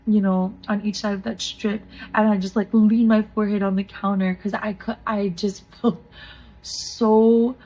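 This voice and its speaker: A woman in her thirties co-hosting a faith podcast, telling a personal testimony in an earnest, emotional way with soft laughs. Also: medium pitch, level tone, a little slow, low-quality recording. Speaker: podcast co-host.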